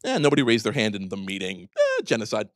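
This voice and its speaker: A man speaking at a conference, his pitch leaping all over the place as he rants with biting sarcasm and the odd curse. He drops into low asides, then bursts out high and loud. The sound is dry and close, with no room around it. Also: wildly swooping pitch, fast, no room sound. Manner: sarcastic, profane, ranting storyteller; swings from low mutters to loud, high outbursts. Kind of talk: animated conference talk.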